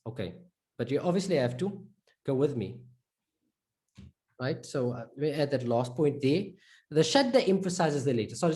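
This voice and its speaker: A man leads an online Arabic reading lesson. He talks in an encouraging, chatty way. He slows right down to repeat each practice word several times. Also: on the high side, darkish tone. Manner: encouraging, repeats words slowly for drilling. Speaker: Arabic pronunciation teacher.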